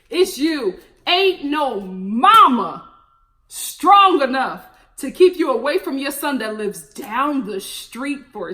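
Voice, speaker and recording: A woman's voice: high voice, pushed and bright. A young woman reviewing a reality TV show in casual, sassy, blunt commentary with teasing asides.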